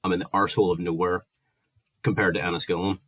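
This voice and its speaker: A young Northern Irish man with a deep, low voice vents into the camera. He rants with exasperation and swears heavily. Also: little pitch movement, fast talker, a bit bright. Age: 20s. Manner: heated, sweary, exasperated ranting. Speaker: vlogger. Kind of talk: angry ranting monologue.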